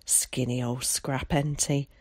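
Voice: mid-range voice, flat delivery, slow pace, dry recording, clean studio sound, pitched below the performer's own voice. A reader voicing a chatty, nosy middle-aged village woman speaking in rural dialect, in an audiobook. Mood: gossipy. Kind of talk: audiobook character voice.

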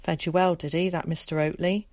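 A woman's voice: on the low side, fairly even intonation, fairly quick, darkish tone, no echo, clean studio sound, close to an everyday voice. A woman voicing a stern, pious mother who is cold, suspicious and reproachful in a storybook reading. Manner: clipped, reproachful, preachy.

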